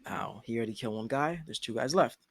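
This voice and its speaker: A young man co-hosting a casual TV episode discussion, slangy and animated, often breaking into laughter as he retells scenes. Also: medium pitch, quick pace, vocal fry, no echo. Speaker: podcast co-host.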